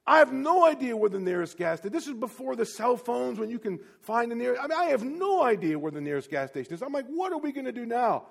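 A man preaching a sermon, telling a personal story with big swings between loud, emphatic peaks and quiet asides. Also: extremely high pitch, sing-song, fast talker, creaky, hardly any pauses. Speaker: pastor.

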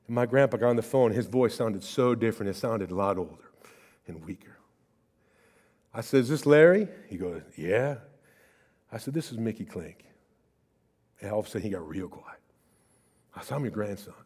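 A man in his thirties preaching, telling a personal story in sermon style, dropping to a hushed voice and then rising to loud, emphatic peaks as he acts out quotes. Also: on the high side. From Illinois, USA. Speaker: pastor.

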